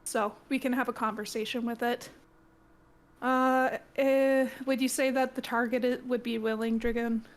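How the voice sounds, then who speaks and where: A woman taking part in a tabletop game, switching between chat and reading rules aloud. Her voice sits high. She keeps it chatty and practical. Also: level tone, moderate pace. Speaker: player.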